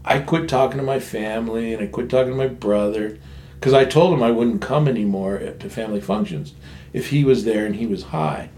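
A man's voice: mid-range voice, a little fast, darkish tone. A man in recovery candidly telling a family story in a frank, blunt way, swearing freely. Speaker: guest sharing recovery story. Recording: echoey room, faint ambience.

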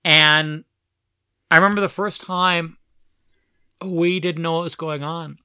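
A man telling stories about raising his child, animated and full of restarts, acting out quoted voices. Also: fairly high pitch, slow, smooth, no echo, clean studio sound. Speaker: parent telling family stories. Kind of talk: casual storytelling conversation.

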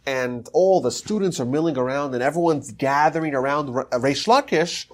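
A man's voice: a little high, expressive, normal speed, hardly any pauses. A man hosting a podcast, retelling an old story in a casual lecture and slipping into the characters' quoted lines. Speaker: podcast host teaching history.

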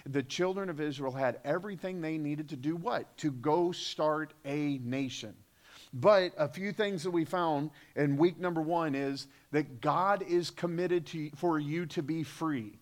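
A man's voice: on the high side, measured pace. A man preaching a sermon as pastor, emphatic, with rhetorical questions and repetition. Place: church sanctuary.

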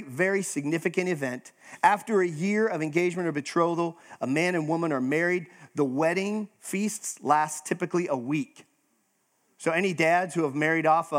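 A male pastor giving a sermon, animated and storytelling, acting out quotes as he goes. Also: on the high side.

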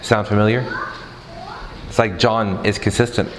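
A man's voice: lowish voice, fairly even intonation, a little slow, big-room sound, slight background noise, low-quality recording. A man preaching a sermon in a conversational way, asking the crowd questions and mixing in humor.

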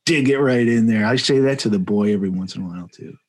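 A man's voice: lowish voice, fast, a little mellow, breathy edge. A man co-hosting a podcast in casual chat, teasing with dry humor. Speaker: podcast co-host.

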